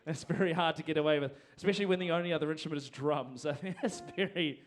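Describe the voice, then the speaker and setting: Speaking fast in a voice on the high side, a man rambles through hosting duties at a live music event. He's on a performing arts venue stage with a handheld mic and keeps running himself down.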